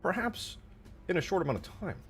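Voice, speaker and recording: A man voicing a pompous, overly formal gentleman in a mock-posh, sing-song manner. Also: high voice, big pitch swings, a little fast, faint music behind, voice pushed up. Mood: haughty.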